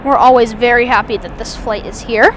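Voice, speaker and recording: A woman's voice: a little high, fairly even intonation, brisk, background noise. A woman outdoors at an airport giving chatty, enthusiastic live plane-spotting commentary, rambling with restarts.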